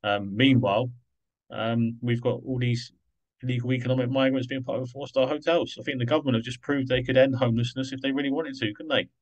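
A man's voice: mid-range voice, steady tone, quick pace, dull audio. A man hosting an interview, talking in a loose, rambling, conversational way. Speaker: host. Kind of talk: casual interview chat.

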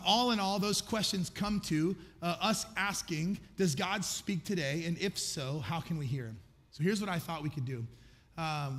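A man's voice: high voice, creaky, fairly bright tone. A middle-aged man preaching a sermon as pastor, talking conversationally and acting out his own distracted prayers with self-deprecating humor. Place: large church auditorium. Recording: echoey church hall reverb.

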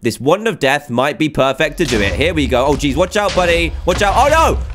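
A man hosting a video game let's play, excitable and chatty, exclaiming often. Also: on the high side, a little fast, noisy background. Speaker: gaming video host.

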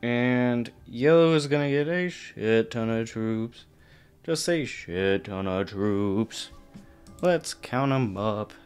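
Male gaming host, exasperated play-by-play talking at rivals, slow pace, lively swings in pitch. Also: smooth. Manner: exasperated, talks to opponents, swears casually. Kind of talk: live gameplay commentary.

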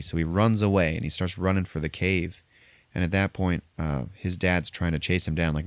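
This podcast host's voice sits low, steady, clear, and resonant as he recaps a movie at normal speed, swearing a lot in his relaxed storytelling. No echo is present.

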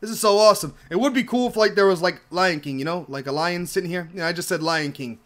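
A young man giving casual let's-play commentary while gaming, excitable and gushing, often repeating himself. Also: sits high, fast. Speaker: gaming YouTuber.

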